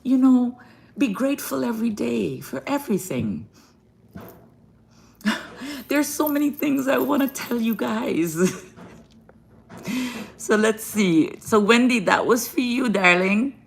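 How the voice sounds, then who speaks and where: A woman's voice: on the high side, very animated, slow, vocal fry, long pauses, a little hiss or hum. A woman giving an affectionate live-stream card reading from a hotel room, greeting viewers as darling and baby and laughing often. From Guyana.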